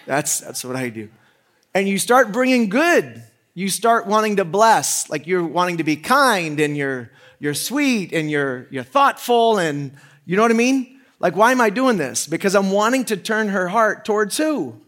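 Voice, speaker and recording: A married man preaching a sermon with funny personal stories, swinging from quiet asides to loud, excited bursts. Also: high-pitched, unhurried. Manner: animated storytelling, jokey asides, loud swings in volume. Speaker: pastor. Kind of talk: humorous sermon.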